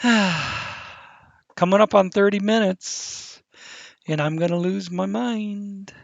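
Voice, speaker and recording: A man's voice: sits high, slow pace, vocal fry, dry recording, dull audio. A man hosting his gaming channel, rambling through gameplay commentary with self-corrections and crude asides. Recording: game vehicle engine noise underneath.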